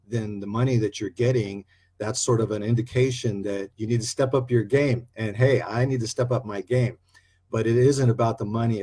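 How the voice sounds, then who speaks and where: A man's voice: medium pitch, mellow. A man from Idaho talking casually to his viewers in an upbeat, rambling way, with an Idaho drawl. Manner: chatty, upbeat, loose with many uh fillers. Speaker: vlogger. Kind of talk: casual talk to camera.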